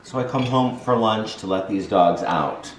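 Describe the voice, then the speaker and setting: A man telling a lively everyday story in a casual home chat, laughing along as he goes. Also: fairly low pitch, measured pace, reverberant, slight background noise. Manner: animated anecdote-telling with laughs. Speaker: vlogger's partner.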